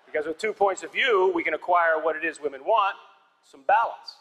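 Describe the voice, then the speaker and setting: Bright-voiced male stand-up comic in a hall. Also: on the high side, fairly quick. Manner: dry storytelling with punchy one-liners. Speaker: stand-up comedian. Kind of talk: stand-up comedy set. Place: large theater stage. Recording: live hall reverb with audience noise.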